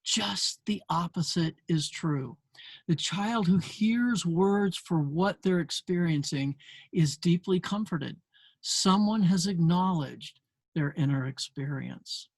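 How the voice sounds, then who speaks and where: A man's voice: high voice, slow pace, vocal fry, no echo. Older man, parenting host, earnest, explanatory, dry close sound. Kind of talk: casual talk to camera.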